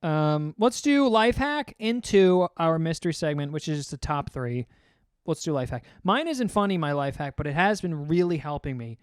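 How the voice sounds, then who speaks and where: A man's voice: a little high, lively intonation, moderate pace, smooth, dry recording, clean studio sound. A man co-hosting a podcast, rambling through crude, joking casual chat. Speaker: podcast co-host.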